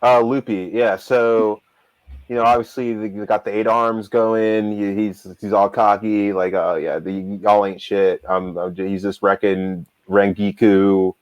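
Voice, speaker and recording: A man's voice: fairly low pitch, little pitch movement, a little slow, clean tone, no echo, low-quality recording. A man co-hosting a casual talk show, rambling animatedly with lots of fillers and restarts. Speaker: manga reader and show co-host. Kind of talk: casual discussion.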